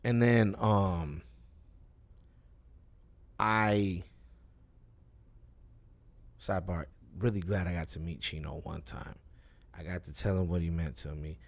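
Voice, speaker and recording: A man's low, gravelly voice, rambling through casual chat as a guest on a live stream. He swears freely, restarts his sentences, and sounds high and dry-mouthed. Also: fairly even intonation, slow, pauses often. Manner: rambling, profane, loose and self-interrupting. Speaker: rapper guest.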